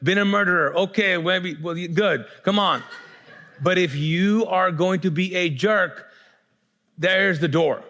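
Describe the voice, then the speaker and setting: A man's voice: high-pitched, unhurried, pushed and bright. A male pastor preaching a sermon in a conversational way, often restarting his sentences and building up fervor.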